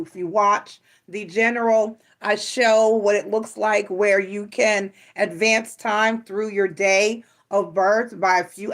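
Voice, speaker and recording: A woman's voice: mid-range voice, a bit bright. Middle-aged woman, casual tarot host, playful and teasing, close mic. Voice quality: chatty, playful, teasing asides. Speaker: tarot reader and channel host. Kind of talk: casual chat to viewers.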